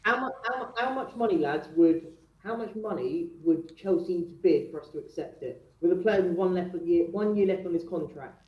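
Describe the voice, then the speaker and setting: A male football fan calls into a phone-in show and talks with passion and animation. His voice is high-pitched and fairly quick, and the call audio sounds echoey, distant and muffled.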